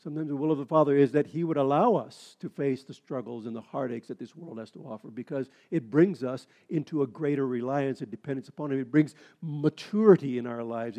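A male pastor preaching a sermon, with frequent halting restarts that build into emphatic, rising delivery. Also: a little high, dark tone, dull audio.

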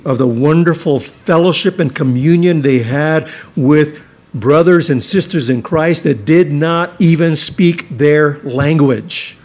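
A man's voice: fairly high pitch, darkish tone. Earnest man preaching a sermon. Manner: earnest, emphatic preaching with drawn-out stresses. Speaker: pastor.

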